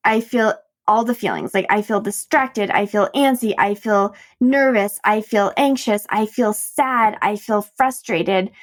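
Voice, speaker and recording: Here a woman with a mid-range voice talks a little slowly but hardly pauses at all. As a podcast host and coach, she shares a personal anecdote candidly and pokes fun at herself, laughing a lot and acting out what people said.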